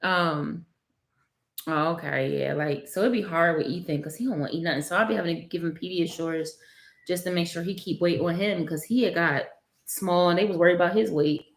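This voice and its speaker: A woman's voice: on the low side, a little fast, vocal fry. A young mother talks to her viewers in a candid, confiding casual vlog, tearful and close to crying. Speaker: vlogger, mother of three. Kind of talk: emotional casual vlog chat. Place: at home, with her baby on her lap.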